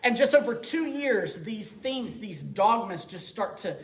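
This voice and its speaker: A man telling his conversion story to a parish group in a lively, joking, conversational way. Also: sits high, measured pace. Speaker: speaker giving a conversion testimony. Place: church meeting room. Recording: echoey room, faint background noise.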